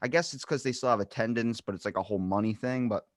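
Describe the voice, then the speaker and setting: A man with a Baltimore accent talks in a loose, rambling way as a podcast host. He tells his stories with animation and acts out the other people in them. His voice sits at an ordinary middle pitch, and the recording is dry and close. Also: fast, no echo. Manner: rambling, animated storytelling with acted quotes. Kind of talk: casual conversational chat.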